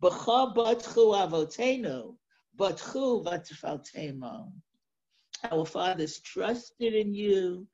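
A woman teaching a lesson on a sacred text, reading verses aloud and translating them in a slow, deliberate way. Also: mid-range voice, expressive, darkish tone, husky. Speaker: Torah teacher. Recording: dull lo-fi recording.

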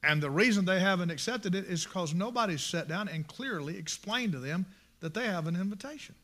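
A man's voice: high voice, lively intonation, brisk, a bit bright. A man preaching a sermon, impassioned and emphatic, repeating his phrases for emphasis.

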